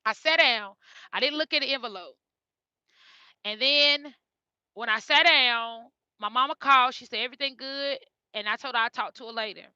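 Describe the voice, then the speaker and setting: Mother telling a story, high and very bright, earnest, dry dull lo-fi audio. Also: moderate pace, no room sound. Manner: repeats phrases, earnest and heartfelt. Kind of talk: emotional personal storytelling. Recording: dull lo-fi recording.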